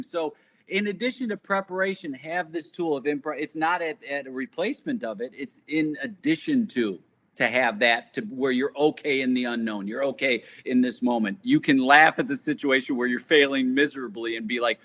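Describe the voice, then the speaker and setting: A man, an improv teacher and guest, talking in a lively storytelling way and acting out quoted voices. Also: mid-range voice, normal speed, lo-fi sound. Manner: animated, acts out quoted voices. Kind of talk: casual interview storytelling.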